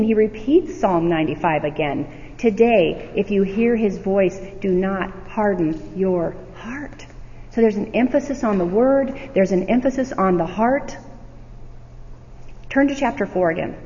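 A woman's voice: mid-range voice, darkish tone. A woman teaching a Bible study, reading verses aloud and checking in with rhetorical questions in an earnest manner. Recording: dull audio with long hall reverb.

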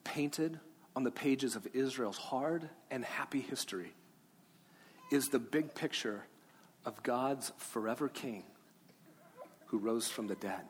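Pastor in a reverberant church hall. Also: male voice, mid-range voice, takes it slowly, long pauses, a little hiss or hum. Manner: gentle, coaxing with children, then earnest and rising. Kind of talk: Easter sermon with children's talk. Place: large church sanctuary. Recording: long hall reverb, faint room ambience.

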